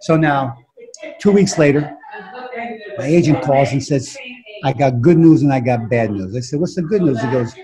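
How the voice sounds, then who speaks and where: A middle-aged man, an actor telling lively, profane anecdotes in casual chat and acting out the voices in them. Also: mid-range voice, normal speed, pauses often, crowd noise, poor audio. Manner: animated, profane, acts out voices in his anecdotes. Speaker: actor guest telling stories.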